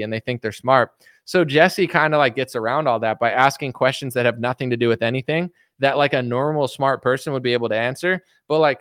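A man's voice: mid-range voice, a bit bright, no echo, studio quality. A young man chatting casually on a livestream about politics, rambling with lots of fillers and mocking impressions. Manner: rambling, many fillers, mimics others mockingly. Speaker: political commentary streamer.

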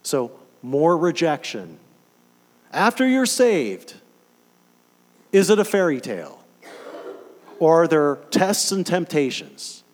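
A man preaching a sermon, animated and emphatic, firing off rhetorical questions to his listeners. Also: on the high side, takes it slowly, long pauses, big-room sound.

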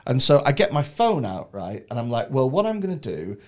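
A man's voice: mid-range voice, fairly quick. A man telling a story in casual chat, swearing and acting out the people in it. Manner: animated, swearing, acts out quoted voices.

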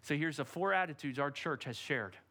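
A man's voice: a little high, animated, moderate pace, bright, forceful tone. A middle-aged pastor preaching a sermon in a church, direct and emphatic, putting rhetorical questions to his congregation. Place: church sanctuary.

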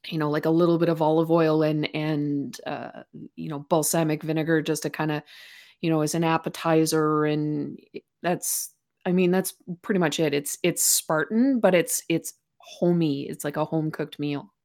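A woman's voice: sits low, steady tone, normal speed, darkish tone. A woman player in a tabletop game, describing things in a rambling way with many fillers.

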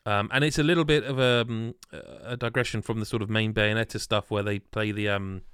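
A man with a low, smooth, resonant voice leads a casual podcast panel. He is enthusiastic and firmly opinionated. He often stumbles and restarts his sentences, and the sound is close and dry. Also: steady tone, brisk, a bit bright, no room sound. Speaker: podcast host.

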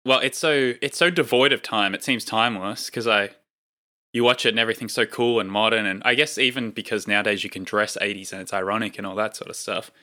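Bright-voiced man rambling in casual chat. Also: fairly low pitch, fairly even intonation, fast. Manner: rambling, many fillers. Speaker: podcast co-host.

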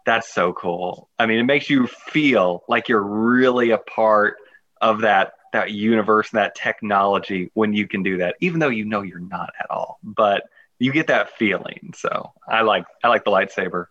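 Guy chatting on a podcast, kinda low voice, dull lo-fi audio. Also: normal speed, fairly bright tone. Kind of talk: casual podcast chat. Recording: dull lo-fi sound.

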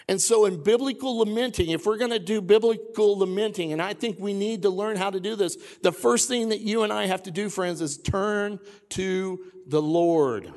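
A man's voice: sits high, normal speed, few pauses, darkish tone. A pastor giving a conversational sermon in a church, repeating his key phrases for emphasis. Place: church sanctuary. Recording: long hall reverb.

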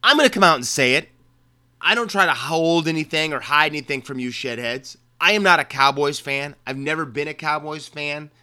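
A man's voice: a little high, lively intonation, a little fast, bright, forceful tone, clean tone. A man from Maryland hosting a sports show, giving casual football picks with joking asides and repeated phrases. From Maryland, USA. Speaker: sports podcast host.

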